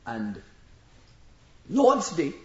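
A man preaching a sermon, telling the story dramatically and shouting at times for emphasis. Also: on the high side, drawn-out words, echoey room, dull audio. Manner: animated storytelling, acting out voices and shouting for emphasis.

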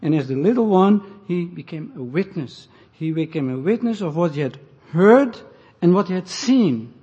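A man preaching a sermon, measured and emphatic, pausing between short phrases. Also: high-pitched, lively intonation, mellow, breathy edge. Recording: dull sound with long hall reverb.

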